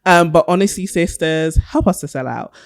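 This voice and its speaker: A young woman co-hosting a casual podcast, hoarse from being sick, chatty and affirming. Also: on the low side, animated, no room sound, studio quality. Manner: chatty and affirming, quick interjections. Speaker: podcast co-host.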